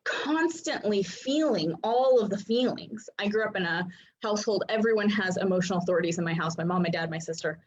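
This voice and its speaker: A woman's voice: medium pitch, brisk, highs cut off, slight background noise. A woman in her thirties, chatty and full of fillers, teaching from her home office over a video call. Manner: chatty, filler-heavy, laughs often. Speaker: human design coach. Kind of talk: casual teaching talk.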